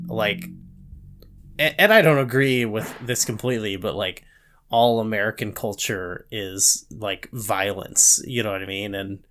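A man's voice: on the low side, a little slow, fairly bright tone. Rambling man in casual podcast chat. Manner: rambling, full of "like", hesitant. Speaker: podcast co-host.

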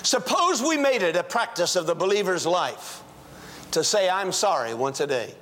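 Older man, preacher, high voice, sermon, storytelling, hushed to shouting, faint room noise. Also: big pitch swings, normal speed. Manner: dramatic swings from hushed to shouting; storytelling, acts out dialogue. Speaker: pastor. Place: church, before a congregation.

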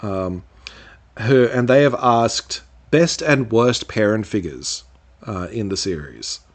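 A man's voice: on the low side, lively intonation, slow. A man co-hosting a casual podcast, rambling through answers with fillers and restarts. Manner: rambling, lots of fillers and restarts, laughs easily. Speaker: podcast co-host. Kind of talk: casual chat.

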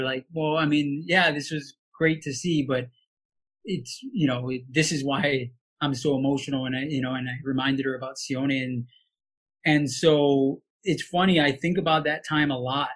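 A man's voice: a little high, fairly bright tone. A man in his late thirties from Hawaii, a sportscaster telling heartfelt stories as a podcast guest, with frequent restarts. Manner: heartfelt storytelling with many restarts. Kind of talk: casual podcast interview.

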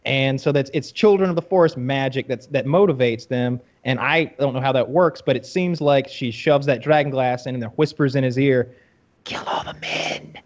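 A man's voice: medium pitch, normal speed, few pauses, dull audio. A man co-hosting a podcast, explaining at length in a rambling, self-correcting way. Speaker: podcast co-host. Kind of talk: casual chat.

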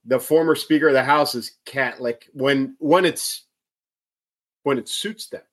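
A man's voice: medium pitch, a little slow, fairly bright tone. A man from outside Chicago with a Chicago accent, talking politics in a casual chat, emphatic and often repeating his words. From outside Chicago, USA.

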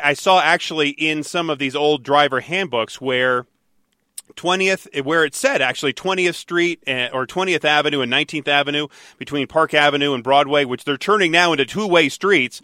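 Bright-voiced chatty male radio host. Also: fairly high pitch, normal speed, dry recording, studio quality. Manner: chatty, teasing, animated storyteller. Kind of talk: casual talk radio banter.

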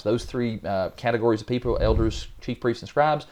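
A man co-hosting a casual Bible study talk, animated and often acting out the people in the passage. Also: brisk. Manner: animated, acts out biblical figures with rising pitch. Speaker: Bible study podcast co-host.

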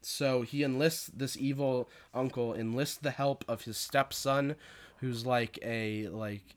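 A man's voice: mid-range voice, steady tone, slow. A man casually recapping a film's plot, rambling with lots of fillers and restarts.

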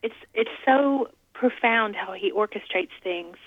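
A woman's voice: medium pitch, a little slow, no room sound. Woman host, faith chat, thin phone-like audio, dry sound. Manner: soft affirming responses. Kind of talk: faith talk show chat.

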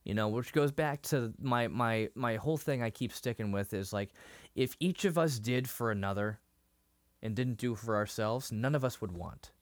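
Animated, emotional male podcast co-host. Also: medium pitch, normal speed, no echo. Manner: emotional, animated retelling with many fillers and restarts. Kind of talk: casual discussion of a TV episode.

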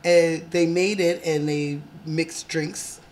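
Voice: medium pitch, fairly even intonation, slow pace, darkish tone, a little hiss or hum. A podcast co-host chatting casually, laughing often while telling a story with swearing. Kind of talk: casual chat.

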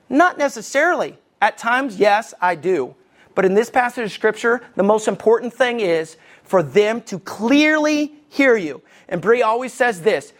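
A man preaching a sermon as lead pastor, animated and acting out quoted voices, calling out to the congregation. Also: moderate pace. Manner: animated, acts out quoted voices with big pitch jumps; calls out to the congregation for response.

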